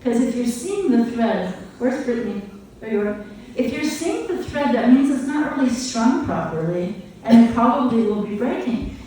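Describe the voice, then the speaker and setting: An older woman giving a gentle devotional talk at a retreat, conversational, often checking in with her listeners. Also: a little high, sing-song, moderate pace, a little hiss or hum. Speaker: spiritual teacher. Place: retreat hall. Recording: echoey hall, voice from far off.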